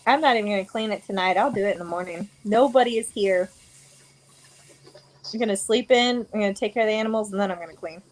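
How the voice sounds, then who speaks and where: A woman's voice: mid-range voice, fast, low-quality recording. A woman in her forties hosting a casual chat, talking freely and laughing easily. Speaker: host.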